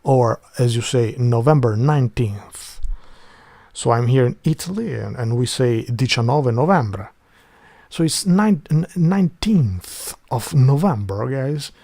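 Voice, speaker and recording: Male streamer, Albanian accent, some vocal fry, loose profane rambling monologue. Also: medium pitch, expressive, measured pace, mellow. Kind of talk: casual livestream chat.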